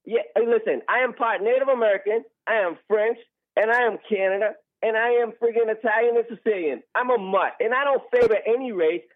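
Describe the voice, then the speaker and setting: A man's voice: sits high, fairly quick, no room sound. A man calling in to argue about religion, preachy and agitated, often talking over the other speaker, heard through a phone line. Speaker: caller. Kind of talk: heated religious argument on a call-in show.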